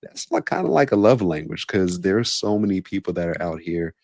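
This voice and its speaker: A man hosting a podcast interview, musing in an unhurried, reflective way. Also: low voice, lively intonation, a little mellow, dry recording, clean studio sound. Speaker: podcast host, coach. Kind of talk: casual interview chat.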